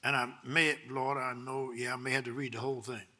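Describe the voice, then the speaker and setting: A man, preaching a sermon with call-and-response, moving between quiet Bible teaching and loud exhortation. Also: mid-range voice, little pitch movement, brisk. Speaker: pastor.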